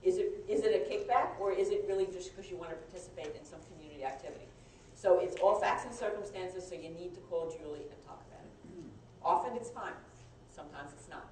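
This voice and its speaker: A woman lawyer giving a live compliance training talk, conversational and halting, with frequent restarts. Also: lowish voice, a little mellow. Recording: echoey room, mic far off, faint noise.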